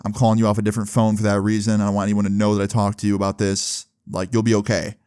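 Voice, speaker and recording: A man doing a subdued, evasive young buddy, low and mumbling, dry sound. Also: monotone, rapid-fire, darkish tone, smooth, dry recording, lightly acted. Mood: reassuring. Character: guilty young male friend, evasive and subdued.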